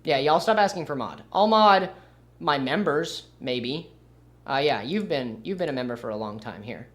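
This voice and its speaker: A man's voice: mid-range voice, animated, normal speed. A young man streaming and commenting casually, with a rambling, sarcastic manner. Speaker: livestreamer.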